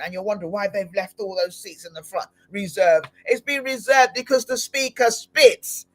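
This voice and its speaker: A woman hosting a live-streamed podcast interview, talking in an animated, exclamatory way with frequent laughter. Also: mid-range voice, moderate pace, few pauses. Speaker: podcast host.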